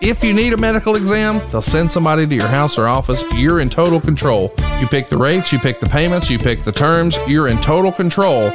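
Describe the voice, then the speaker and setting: A man's voice: a little high, animated, fairly quick, hardly any pauses. A man reading a scripted insurance ad with an urgent, pushy sales delivery. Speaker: ad announcer. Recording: voice over loud music bed.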